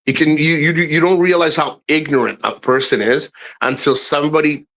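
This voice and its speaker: Bright, rambling middle-aged man chatting frankly. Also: on the high side, fairly even intonation, moderate pace. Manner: rambling, frank, swears freely, many restarts; addresses viewers directly. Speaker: live streamer. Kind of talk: casual livestream chat.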